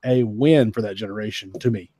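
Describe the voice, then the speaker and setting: A man's voice: on the low side, a little fast. A man co-hosting a podcast, chatting casually and with enthusiasm about old game consoles. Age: adult who was a teenager in the late 1990s. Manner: animated, enthusiastic, says "man" and "dude". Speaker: podcast co-host. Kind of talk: casual chat.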